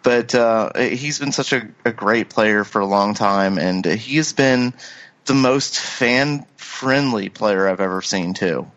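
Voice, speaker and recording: A man's voice: fairly low pitch, slow pace, fairly bright tone, lo-fi sound. A man talking casually on a podcast, hesitant, with many restarts and fillers. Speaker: podcast co-host. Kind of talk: casual chat.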